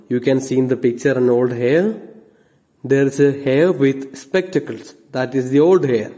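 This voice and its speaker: A man's voice: medium pitch, mellow, in a large hall. A man teaching an English lesson, reading a story aloud and spelling out words letter by letter to explain them.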